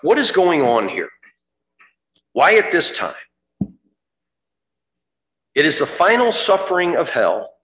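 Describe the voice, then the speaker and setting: A man preaching a sermon, dramatic, rising to fervent cries at the high points. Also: fairly bright tone, echoey room.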